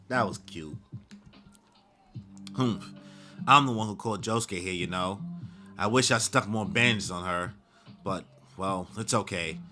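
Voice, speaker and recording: A man's voice: low-pitched, measured pace, pauses often, music in the background. A man reading a manga aloud live and reacting with slangy asides, as the regular host of his channel.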